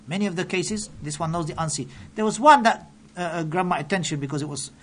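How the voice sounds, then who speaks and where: A man preaching a sermon, emphatic and full of rhetorical questions, reciting scripture quickly in between. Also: high-pitched, a bit bright.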